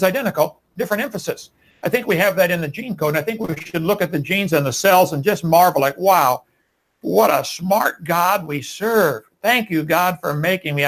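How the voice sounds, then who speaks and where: A man's voice: fairly high pitch, rough recording. Preachy creationist man debating. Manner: preachy, emphatic, with restarts. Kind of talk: live debate answers.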